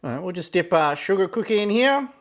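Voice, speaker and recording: A man's voice: sits high, quick pace. Laid-back man reviewing food. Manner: relaxed, thinks aloud with fillers and "yeah, look". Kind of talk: casual taste-test commentary.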